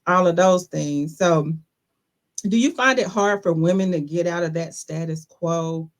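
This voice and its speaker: A woman's voice: fairly low pitch, measured pace. A woman host in casual conversation, loose and chatty, laughing often. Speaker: podcast host. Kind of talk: casual chat.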